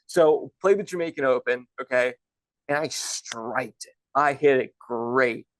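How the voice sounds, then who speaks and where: Relaxed guest in his thirties, rambling anecdotes, mid-pitched, dry sound. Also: a little slow, no echo, low-quality recording. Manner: chatty, loose, many restarts and "like". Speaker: guest, golf instructor and former pro golfer. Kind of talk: casual storytelling.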